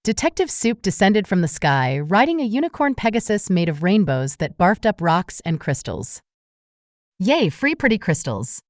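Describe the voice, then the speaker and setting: Lively woman reading a whimsical story. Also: fairly low pitch, normal speed, hardly any pauses, no room sound, studio quality. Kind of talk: storybook narration.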